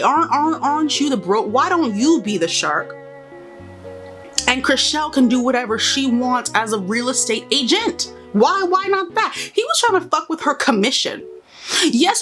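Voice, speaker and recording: A young woman with a slightly high voice talks casually as she does her makeup. She rambles through opinionated commentary, full of exasperated asides. Faint music plays behind her. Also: a bit bright. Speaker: beauty and pop culture vlogger. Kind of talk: casual chat while doing makeup.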